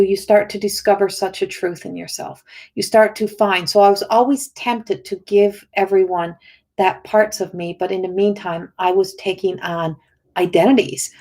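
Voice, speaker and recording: A woman's voice: medium pitch, darkish tone. A middle-aged woman, a spiritual healer, talking earnestly on a livestream, rambling with many restarts. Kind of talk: casual livestream talk.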